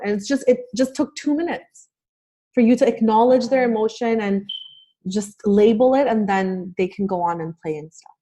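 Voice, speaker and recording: A woman's voice: mid-range voice, dark tone. Earnest, encouraging woman podcast guest. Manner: earnest, encouraging, many fillers. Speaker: podcast guest, life coach. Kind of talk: casual podcast conversation.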